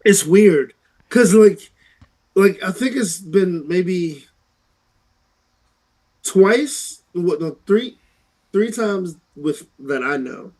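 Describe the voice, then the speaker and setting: A man's voice: sits high, lively intonation, extremely slow, pauses often, a little mellow, low-quality recording. A man co-hosting a podcast, chatting in a laid-back way with hesitant fillers. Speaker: podcast co-host. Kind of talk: casual chat.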